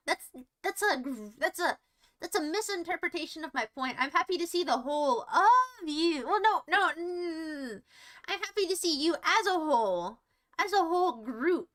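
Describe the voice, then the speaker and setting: Bright, high-voiced rambling woman streamer. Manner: silly, rambling, self-mocking, jumps between topics. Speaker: livestreamer. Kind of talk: rambling live-stream chat with viewers.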